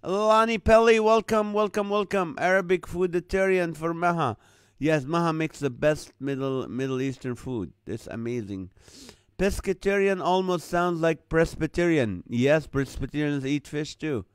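A man's voice: a little high, normal speed, smooth, no echo. A man hosting a live comedy stream, chatting casually, reading viewer comments and chuckling often at the wordplay. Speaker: host of a live comedy show.

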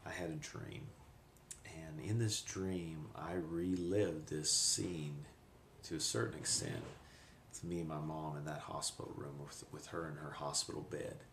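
A middle-aged man giving a reflective personal testimony, speaking haltingly with pauses, recorded on a camcorder in an echoey room. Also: a bass voice, vocal fry, a bit bright, a little hiss or hum. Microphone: handheld camcorder.

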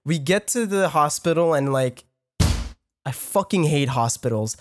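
A man's voice: fairly high pitch, expressive, a little slow, background noise. Rambling young man telling a story. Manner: rambling, full of fillers and restarts, swears freely. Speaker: podcast co-host. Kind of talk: casual storytelling chat.

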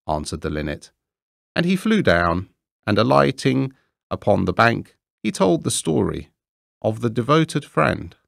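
A man reading a classic fairy tale aloud, slow, deliberate and expressive. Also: low voice, gravelly, dry recording, studio quality. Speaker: reader. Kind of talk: storybook narration.

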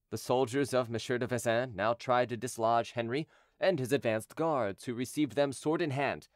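A man narrates an audiobook in a steady, measured voice. His pitch sits in the middle range. The recording is dry and close to the mic. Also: no echo. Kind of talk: scripted narration.

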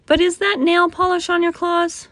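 A woman's voice: extremely high pitch, level tone, normal speed, fairly bright tone, no echo, voice pushed up. Fussy bedtime boy, earnest, woman reader. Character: picky young boy at bedtime.

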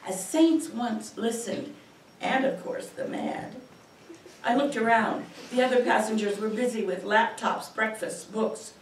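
A woman poet giving a measured, expressive reading of her poems in a university auditorium. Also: a little high, slight background noise. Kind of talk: poetry reading. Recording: echoey auditorium from far off.

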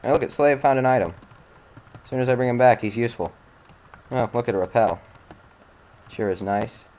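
A man's voice: medium pitch, fairly even intonation, brisk, darkish tone. A man hosting a let's-play, giving casual gameplay commentary while exasperated, muttering and swearing at the game.

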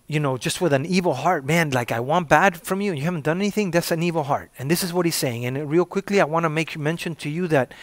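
Emphatic preacher man, slightly high voice. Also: dry recording. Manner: call-and-response, repeating "say amen if you're with me"; emphatic, bursts of loud emphasis. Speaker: pastor. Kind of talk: sermon.

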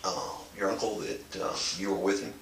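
Male detective, steady clarifying questions, lowish voice, roomy distant pickup. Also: a little fast, vocal fry, slight background noise. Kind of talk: questioning a suspect. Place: interrogation room.

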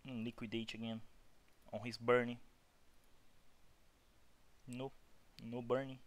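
A man's voice: mid-range voice, little pitch movement, slow pace. A young man with a Brazilian Portuguese accent, giving rambling live commentary on his own game, talking to himself and swearing a lot. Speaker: gamer.

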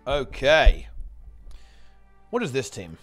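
A man's voice: medium pitch, wildly swooping pitch, slow, fairly bright tone, soft background music. A man casting a live online game tournament in a chatty, rambling way, often correcting himself mid-sentence. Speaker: esports tournament commentator. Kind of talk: casual live game commentary.

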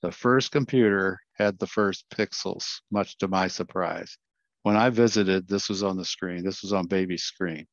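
An older man talks through his slides as a guest speaker, earnest and quick to correct himself mid-sentence. His voice sits low, and the video call sound is dull and lo-fi. The room around him is dry, with no echo. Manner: earnest, self-correcting storyteller. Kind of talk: slide presentation talk.

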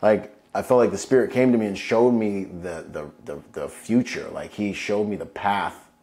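Male Marine veteran, low register, casual interview storyteller with loose filler-heavy delivery. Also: normal speed, darkish tone. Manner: loose, heavy use of "like" and "you know"; acts out quoted voices in his stories.

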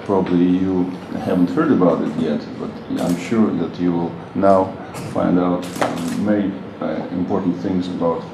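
A man giving a formal, halting introduction to a guest speaker at a university, with many uh fillers. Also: sits low, fairly even intonation, gravelly. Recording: echoey hall with noise.

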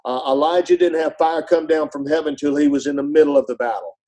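Middle-aged man, pastor-storyteller, earnest, dark mellow tone, conversational sermon delivery. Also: steady tone, fast, poor audio. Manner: earnest storyteller, voice drops low and soft in grief. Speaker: pastor and author, podcast guest. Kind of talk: conversational preaching.

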